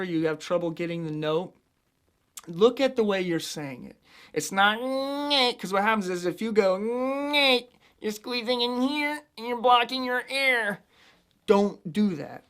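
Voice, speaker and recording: A male vocal coach from central Illinois, talking through a singing lesson in a loose, chatty way. He explains technique plainly and slips easily into light, high demonstrations of head voice.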